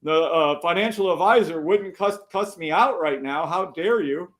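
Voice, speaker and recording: A man's voice: fairly high pitch, moderate pace, a bit bright, pitched above the performer's own voice, close to an everyday voice. A man putting on the voice of a prissy, whiny male critic who scolds in a mocking, sing-song way.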